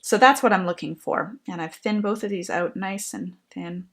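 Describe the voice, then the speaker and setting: A woman explaining a painting technique while she works, in a gentle, thoughtful way. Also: medium pitch, normal speed. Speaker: painting instructor. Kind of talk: painting tutorial narration.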